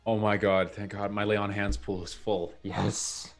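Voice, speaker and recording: A man's voice: fairly low pitch, little pitch movement, unhurried, faint music behind. A man playing in a tabletop game, chatting casually and joking. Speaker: player.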